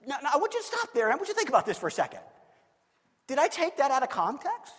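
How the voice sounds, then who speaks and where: A man preaching a sermon, animated and acting out scenes with shifting voices. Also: very high-pitched, very fast, big-room sound. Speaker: pastor.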